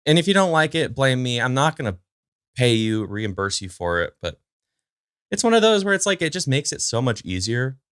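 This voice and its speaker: Sitting in a chair at home and recording to a camera, this podcast host talks in a mid-range voice that is very animated, moderately paced, a bit bright and smooth. His solo chat is casual and rambling, full of fillers and asides to his dog. There is no echo, and the sound is clean, like a studio.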